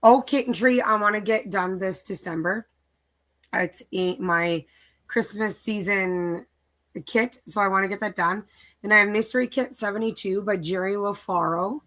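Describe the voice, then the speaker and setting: A middle-aged woman hosts a casual craft live stream, chatting and listing her projects aloud in a tired, easygoing manner. Her mid-range voice has a fairly bright tone and a moderate pace.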